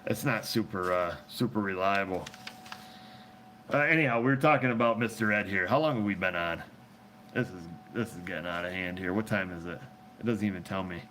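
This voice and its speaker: Male host, low voice, loose and joking, takes viewer questions on a phone stream with faint noise behind. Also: brisk, bright, forceful tone. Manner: rambling, joking, laughs often. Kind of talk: casual live chat.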